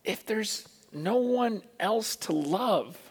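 A middle-aged man preaching a sermon in a conversational, animated way, acting out the voices he quotes. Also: high voice, takes it slowly, breathy edge. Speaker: pastor. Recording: long hall reverb.

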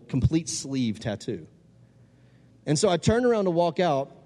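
A young man preaching a sermon. He moves from loud exhortation to quiet, casual storytelling. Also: medium pitch. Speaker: youth preacher. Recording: long hall reverb.

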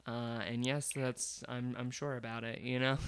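A man's voice: mid-range voice, flat delivery, measured pace, clean tone, no echo. Hesitant man with dry humor. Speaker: guest, glassblower. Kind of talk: casual interview.

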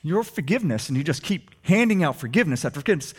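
Man, pastor, sermon, rhetorical questions, soft to emphatic, slightly high pitch. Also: rapid-fire, few pauses, slightly rough. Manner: animated, rhetorical questions, shifting loud and soft.

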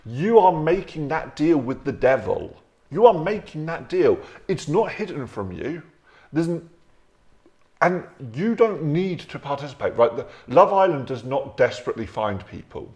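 A man's voice: on the high side, sing-song, moderate pace, a little mellow, muffled recording. Opinionated man in casual chat. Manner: opinionated, rhetorical "right?" tags. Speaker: podcast co-host.

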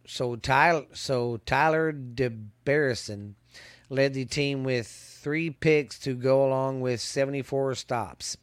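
A man talks through a college football preview at an unhurried pace, often tripping over his words and starting lines again. His voice comes across smooth and clear, and the recording is dry and close. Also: mid-range voice, no room sound. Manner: halting, stumbles and restarts while reading stats. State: hiccups. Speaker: podcast host. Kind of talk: casual sports preview commentary. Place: hot outdoors.

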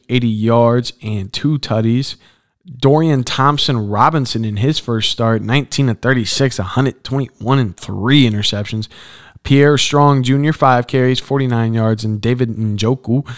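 A man's voice: mid-range voice, clear, resonant tone. A young man hosting a casual sports podcast, reading off stat lines and then riffing in loose slang. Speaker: podcast host.

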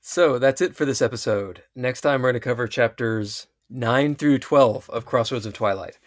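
A man hosting a podcast in casual chat, wry and quick to laugh. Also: medium pitch. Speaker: podcast host.

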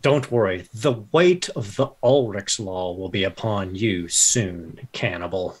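A man's voice: deep voice, unhurried, husky. A man voicing a stern male knight-priest who speaks formally and commandingly. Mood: threatening. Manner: formal, declamatory speech.

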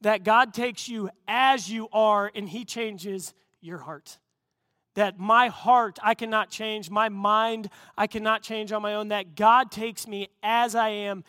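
Man preaching, high bright voice, earnest storyteller, dry close sound. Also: slow, dry recording. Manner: earnest storytelling preacher, rising to excited emphasis. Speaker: pastor. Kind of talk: sermon.

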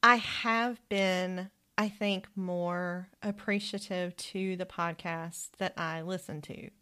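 A woman's voice: fairly low pitch, steady tone, slow pace, pushed and bright, clean tone. Woman cohost just chatting on a podcast, reflective, laughs a lot. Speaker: podcast co-host. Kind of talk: casual chat.

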